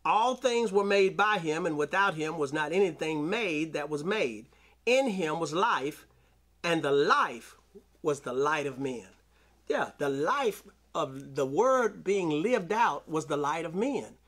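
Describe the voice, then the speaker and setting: Male preacher, high voice, AAVE, sermon delivery with call-outs. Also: lively intonation, slow. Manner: preaching with call-outs and scripture reading, rising to shouts. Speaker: pastor.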